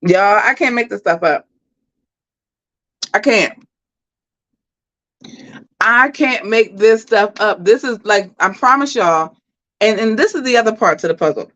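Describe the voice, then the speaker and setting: A woman hosting a livestream, giving animated, emphatic commentary and talking straight to her chat. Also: medium pitch, rough recording. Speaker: host.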